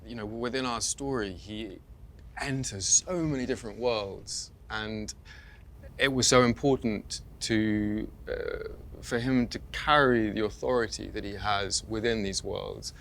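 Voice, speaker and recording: A male actor on a panel, animated and playful as he talks about his role. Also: on the low side, a little slow, vocal fry, slight background noise. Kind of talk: panel discussion.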